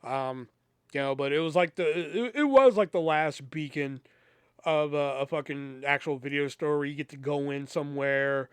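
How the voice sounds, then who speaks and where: A man with a fairly high, smooth and resonant voice tells a rambling story in a casual, profane way, playing every part in the conversations. The sound is dry and close. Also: normal speed, dry recording. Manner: animated, profane, acts out both sides of conversations. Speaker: podcast host.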